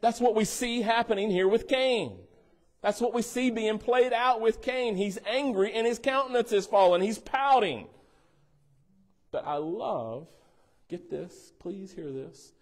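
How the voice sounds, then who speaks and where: Man, pastor, playful sermon delivery with call-and-response asides, voice a bit high. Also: unhurried. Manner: playful, teasing asides, asks congregation for responses. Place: church sanctuary.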